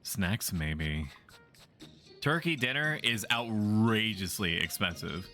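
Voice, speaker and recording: A man's voice: lowish voice, animated, takes it slowly, pushed and bright, faint music behind. A man streaming a game, chatting playfully and bawdily with his viewers in a teasing, casual way. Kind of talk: casual gaming commentary.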